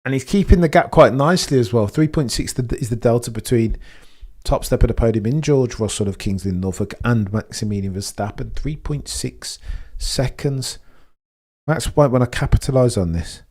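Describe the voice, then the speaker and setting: Excitable man doing live race commentary. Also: medium pitch, normal speed. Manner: excitable, chatty, laughs often. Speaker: live stream host.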